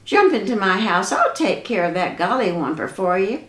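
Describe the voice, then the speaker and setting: A woman voicing a calm, helpful male panther with a slow, easygoing drawl. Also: medium pitch, lightly acted. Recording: echoey room.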